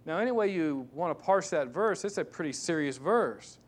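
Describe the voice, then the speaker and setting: Emphatic preacher man, slightly high voice. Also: lively intonation, normal speed. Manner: emphatic, swings between loud and hushed; repeats key words for stress. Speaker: pastor. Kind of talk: sermon.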